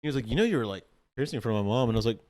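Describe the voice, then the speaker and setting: A man's voice: mid-range voice, expressive, very fast, a little mellow. A young adult man co-hosting a podcast, telling rambling stories in casual chat and saying "like" a lot. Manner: rambling storyteller, heavy use of "like". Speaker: podcast co-host.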